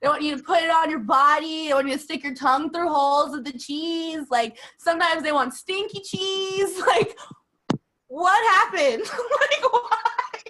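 A woman's voice: very high voice, measured pace, fairly bright tone, a little hiss or hum. A woman in casual chat, talking with lots of fillers and frequent giggles.

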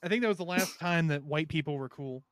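Smooth-voiced sarcastic podcast guy. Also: on the high side, fast talker, a bit bright, no room sound, studio quality. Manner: sarcastic, mock-serious rants. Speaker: podcast co-host. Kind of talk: casual chat.

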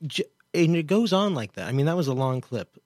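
A man's voice: mid-range voice, very animated, fast, darkish tone, dry recording, clean studio sound. A man from Kansas hosting a show, commenting casually with chatty asides and incredulity. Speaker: show host.

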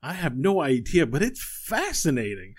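A man's voice: on the high side, moderate pace, voice pushed up. Man putting on a fussy little clockwork scholar. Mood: eager. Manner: excitable, flustered, apologetic.

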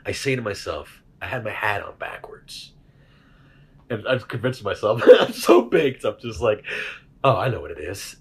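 A man's voice: on the low side, moderate pace, slightly rough. A man hosting a casual chat, telling a story with lots of laughter and acted-out voices. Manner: animated, laughing, acts out voices in his stories. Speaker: host.

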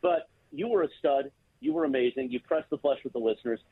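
A man on a thin, tinny phone line talks up his co-hosts in a lively, teasing way, full of mock-grand praise. His voice is high, husky and bounces all over the place. It sounds close and dry. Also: fast, no room sound. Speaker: radio show regular calling in. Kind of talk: casual sports radio banter.

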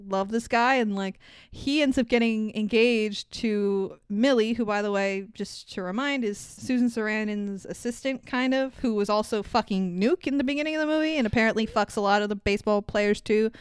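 A woman co-hosting a casual movie recap podcast. She is animated and sarcastic, and she swears freely. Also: on the high side, clean tone, no echo, studio quality. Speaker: podcast co-host.

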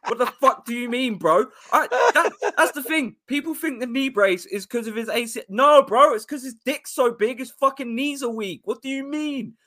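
A man's voice: very high voice, moderate pace, hardly any pauses, pushed and bright. A brash, profane man in casual sports talk, calling everyone "bro" as a co-host.

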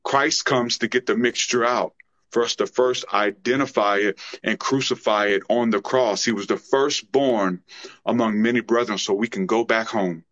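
A man's voice: fairly low pitch, fairly even intonation, moderate pace, a bit bright. A man speaking as a podcast guest, preaching in a fervent, emotional way during a spiritual conversation. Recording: dull lo-fi sound.

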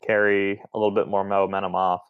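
A man's voice: deep voice, level tone, fairly quick, smooth, phone-quality sound. A man co-hosting a casual racing chat in a laid-back way.

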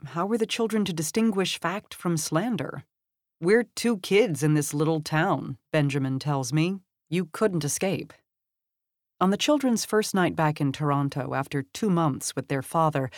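A woman's voice: deep voice, dry recording. Woman reading a magazine story, dry. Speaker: narrator of a magazine article. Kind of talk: scripted narration.

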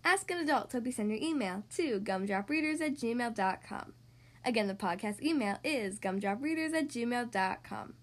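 A woman hosting a children's podcast, reading a storybook aloud in a friendly, expressive manner. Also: on the high side, normal speed. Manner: friendly, expressive, sing-song.

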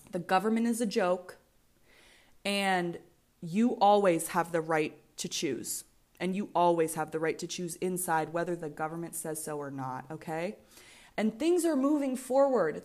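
A woman's voice: mid-range voice, normal speed. A woman in her twenties with an American accent, hosting a solo podcast in a candid, rambling way, swearing freely and often restarting her sentences. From United States. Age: 20s. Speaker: podcast host.

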